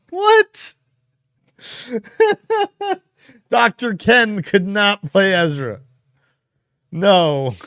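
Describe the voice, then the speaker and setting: A man's voice: sits high, clean tone, no room sound, clean studio sound. A man co-hosting a casual livestream, chatting and thinking aloud while he answers viewers' comments. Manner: relaxed, musing aloud with fillers and laughs. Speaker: livestream co-host.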